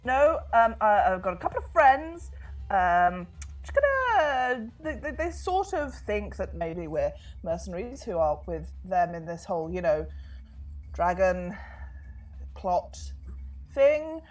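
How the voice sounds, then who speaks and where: A woman speaking as her adventurer, disguised as a kobold in a tabletop game, with a hurried, rambling way of talking. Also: medium pitch, very animated, faint music behind. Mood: nervous. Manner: hurried, rambling, whispering reassurance. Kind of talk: tabletop role-play voicing. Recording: distant mic.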